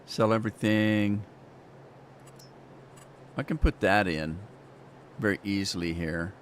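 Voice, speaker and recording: A man's voice: fairly low pitch, slow pace, a little hiss or hum. A man streaming a farming game, chatting casually and telling rambling stories with chuckles. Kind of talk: casual gameplay commentary.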